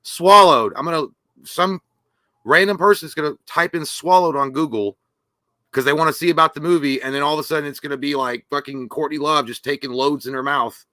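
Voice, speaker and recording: Dry-joking man with a bright, close voice. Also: on the high side, fairly even intonation, a little fast, dry recording. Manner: dry crude jokes, laughs at his own lines. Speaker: podcast co-host. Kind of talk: casual live-stream chat.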